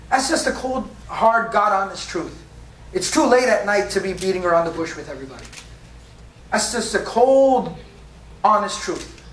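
A man's voice: high-pitched, a bit bright. A man preaching a sermon, emphatic and full of rhetorical questions and repetition. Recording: echoey room from a distance.

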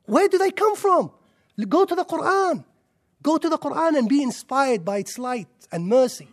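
A man giving an impassioned religious lecture to a live audience, excitable and firing rhetorical questions at the listeners. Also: extremely high pitch, normal speed. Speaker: Islamic lecturer.

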